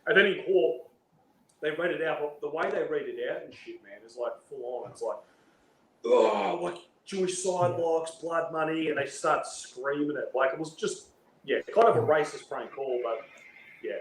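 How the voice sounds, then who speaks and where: An Australian man with a slightly higher voice spins a rambling story, tossing in slangy tags at every turn. The room sounds echoey and carries a faint hiss of background noise. His delivery stays loose and conversational. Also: normal speed, fairly bright tone. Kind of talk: casual storytelling.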